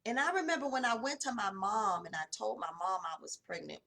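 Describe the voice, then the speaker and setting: A woman, telling a personal testimony in a casual, conversational way. Her voice drops low and soft in the emotional stretches. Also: big pitch swings, a little fast. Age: 40s. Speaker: host of a morning devotional.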